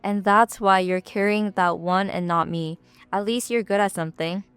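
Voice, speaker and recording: A woman's voice: mid-range voice, fairly even intonation, moderate pace, fairly bright tone, clean tone, no echo, lightly acted. A woman playing a snide female thief. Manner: snide, mocking. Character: snarky young female thief.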